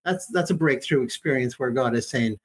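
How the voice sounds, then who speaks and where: A man's voice: mid-range voice, fairly quick. A man in his seventies, a Christian teacher, telling stories in a folksy, emphatic way during a casual conversation. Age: 70s.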